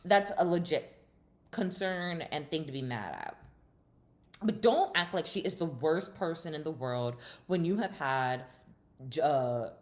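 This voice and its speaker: A woman's voice: deep voice, animated, a little slow. A woman hosting a casual reality TV recap, chatty and opinionated, with lots of fillers and sassy asides.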